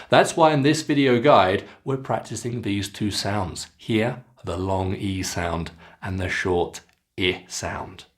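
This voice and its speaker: A man with a British English accent teaching pronunciation, modelling sounds slowly and clearly for learners to repeat. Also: on the low side. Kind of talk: scripted pronunciation lesson.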